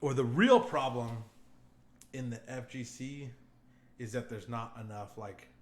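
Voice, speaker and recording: A man's voice: mid-range voice, unhurried. A young man co-hosting a podcast, talking in a loose, profane, rambling way. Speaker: podcast co-host. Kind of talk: casual podcast chat. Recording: echoey room, faint ambience.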